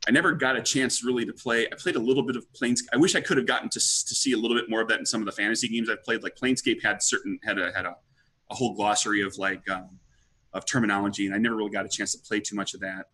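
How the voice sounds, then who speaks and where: A man's voice: fairly low pitch, steady tone, rapid-fire, sharp tone, slightly rough. A man guest chatting casually, rambling with many fillers. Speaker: guest, podcaster. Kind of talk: casual chat.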